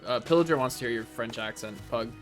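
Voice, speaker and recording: A mid-pitched man hosts a casual chat, often laughing and tossing in quick replies. Soft music plays behind him.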